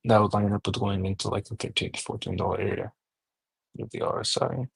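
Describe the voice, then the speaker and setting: A man walking through stock charts aloud, steady and number-heavy, thinking out loud as he goes. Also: fairly low pitch, fairly quick, creaky, breathy edge, dry recording, low-quality recording. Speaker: market analyst host. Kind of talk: technical chart analysis.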